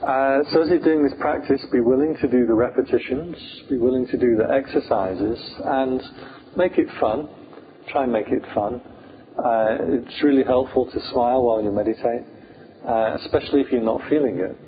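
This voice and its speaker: Through tinny, phone-like audio with a faint hiss, a British Buddhist monk teaches meditation in a mid-range voice at a moderate pace. His talk is informal and chatty, full of humor and fillers.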